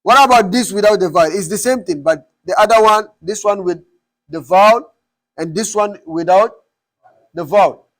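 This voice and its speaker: Teacher, male, fairly high voice, quizzes the room as he explains. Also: moderate pace, a bit bright. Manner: quizzing the class with repeated questions. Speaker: Arabic teacher. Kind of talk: classroom teaching.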